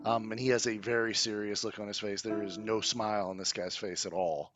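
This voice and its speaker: A man's voice: fairly low pitch, steady tone, a little fast, over music. Man narrating a tabletop game. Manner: casual, many ums, descriptive. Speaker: game master.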